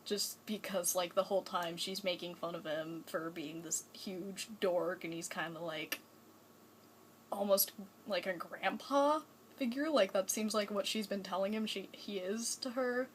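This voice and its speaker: Young woman vlogger, mid-pitched, chatty and gushing, loose rambling delivery. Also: measured pace, a little hiss or hum, poor audio. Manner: chatty and rambling, many "like"s and restarts; gushing, enthusiastic. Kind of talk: casual fan vlog.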